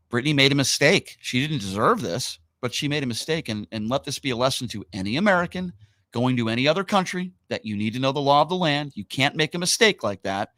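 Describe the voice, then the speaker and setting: A male talk radio host with a middle-pitched voice, talking in loose, emphatic banter. He hammers home his opinions and circles back to repeat them. The studio sound is close and dry. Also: pushed and bright, dry recording.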